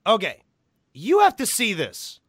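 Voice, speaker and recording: A man hosting a podcast in casual chat, animated and swearing freely. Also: sits high, a little slow, dry recording, studio quality. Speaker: podcast host.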